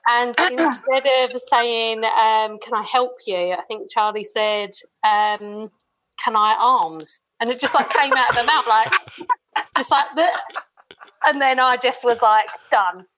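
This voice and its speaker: A woman tells rowdy stories from her shop job as a guest on a podcast. She talks casually, swears, and giggles through her anecdotes. Her voice sits a little high and sounds bright. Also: fairly even intonation, a little slow, poor audio. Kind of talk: casual storytelling.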